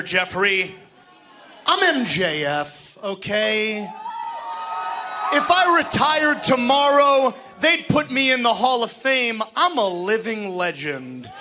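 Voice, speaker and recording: Young male wrestler, high, bright, taunting and shouting, slow deliberate delivery on a handheld mic in an arena. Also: very animated. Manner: taunting, shouting, mocking insults. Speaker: pro wrestler cutting a promo. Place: large indoor arena.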